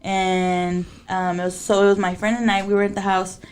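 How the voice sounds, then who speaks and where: A woman's voice: mid-range voice, normal speed. Chatty young woman telling a story. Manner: animated, laughing, lots of fillers. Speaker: podcast co-host. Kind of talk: casual storytelling chat.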